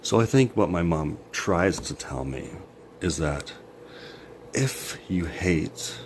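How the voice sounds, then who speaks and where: Guy rambling to his phone, real low voice, slow and sarcastic, swears a ton. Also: animated, slight background noise. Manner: profane, sarcastic, jumpy rants with sudden laughs. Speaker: vlogger. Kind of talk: rambling monologue to camera. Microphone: phone or camera.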